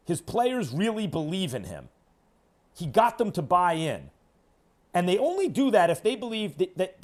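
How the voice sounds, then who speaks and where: A man hosting a sports radio show, delivering an opinionated monologue in an emphatic, hectoring way that swings between loud declarations and low asides. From New York.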